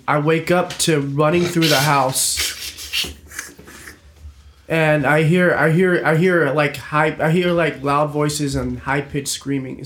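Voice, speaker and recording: A man's voice: on the high side, a bit bright. A man telling a rambling, swear-laced story in a casual chat with friends, full of restarts. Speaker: storyteller on a group podcast. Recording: roomy echo.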